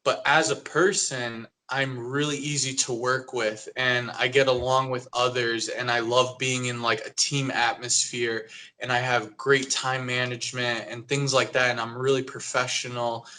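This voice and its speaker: A young man from New Jersey talks through his experience as a podcast guest. His voice is bright and forceful, and he rambles freely, filling his sentences with "like.". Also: medium pitch, little pitch movement, a little slow, hardly any pauses, slight background noise. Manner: rambling, heavy use of "like". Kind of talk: casual interview chat.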